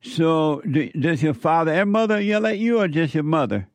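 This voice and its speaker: A man with a fairly high voice hosts a call-in show and counsels a caller. He speaks slowly and with emphasis, circling back to repeat each point. His voice is close and dry. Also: very animated, no echo. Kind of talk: advice talk with a caller.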